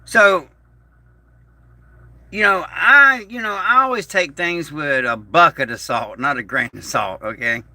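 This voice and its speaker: A man hosting a casual livestream in a slow, rambling, folksy way, reading out viewer messages. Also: fairly high pitch, pushed and bright, no echo. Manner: slow, rambling, folksy, reads chat aloud. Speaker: YouTube channel host.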